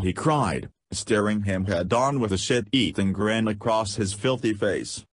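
Low, husky male audiobook narrator. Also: measured pace, few pauses, no room sound. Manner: reads dialogue aloud with profanity.

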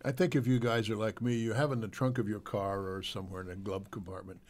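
An older man, a guest actor, chatting casually on a radio talk show and telling relaxed anecdotes. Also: fairly low pitch, quick pace.

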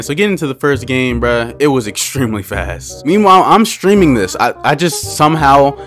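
Fast-talking young man, slangy gameplay commentary. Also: medium pitch. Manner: casual slangy, peppers lines with "bruh". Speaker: gaming YouTuber.

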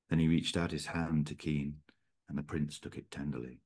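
A man, an author, reading his own fiction aloud over a video call, with a measured, steady storytelling delivery. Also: rumbling low, husky.

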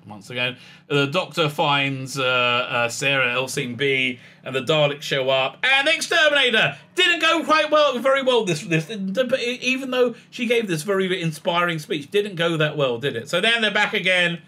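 A man hosting his own channel and tearing into a TV episode, sarcastic and mocking. His talk rambles with lots of uh's and restarts. His voice is slightly high and very bright, with a sharp edge. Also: expressive, normal speed. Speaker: TV reviewer, channel host. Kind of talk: casual episode recap and review.

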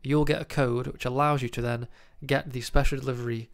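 Nasal from a cold, this card-collecting news host speaks fairly quickly at a medium pitch, level and smooth with vocal fry. He addresses the camera casually and chattily, sprinkling in plenty of ums and uhs.

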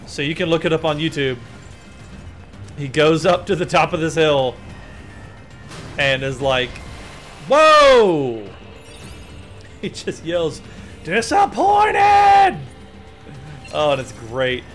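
A man streaming a video game, chatting in a rambling, excitable way as he plays. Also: on the high side, a little slow, long pauses. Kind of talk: let's play commentary. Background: faint game music.

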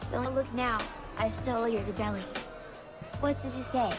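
Woman voicing a game rapper, female, boastful, rhythmic taunts, slightly high voice, rap beat behind. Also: steady tone, normal speed, music in the background, close to an everyday voice. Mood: taunting.

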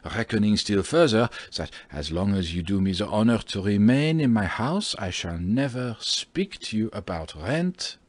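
Timid, fawning landlord in an audiobook, husky and hesitant, read by a man. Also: fairly low pitch, animated, no room sound. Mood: nervous. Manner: slow, hesitant speech with fillers. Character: timid middle-aged male landlord, fearful, fawning.

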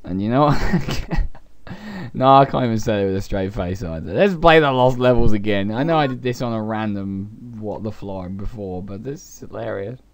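A young man doing comedic, sarcastic gameplay commentary, talking to his viewers with sudden loud outbursts. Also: on the low side, normal speed, no room sound. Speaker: let's play commentator.

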